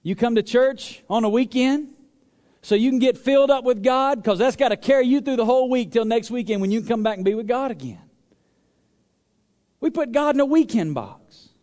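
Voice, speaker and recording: A man preaching a sermon in a church, asking the congregation to answer aloud and swinging between loud stressed phrases and low quiet asides. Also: expressive, normal speed, big-room sound. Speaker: pastor.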